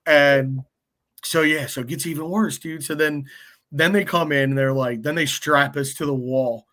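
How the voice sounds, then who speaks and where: A man's voice: a little high, steady tone, normal speed, pushed and bright. Rambling, profane young guy telling a story. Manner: rambling, profane, lots of "like" and "dude". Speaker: guest. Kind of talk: casual storytelling chat.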